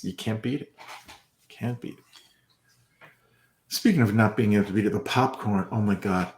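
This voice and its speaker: A man's voice: fairly low pitch, echoey room, a little hiss or hum. A man co-hosting a casual fan podcast, talking about the theme park with gushing enthusiasm. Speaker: podcast co-host. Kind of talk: casual chat.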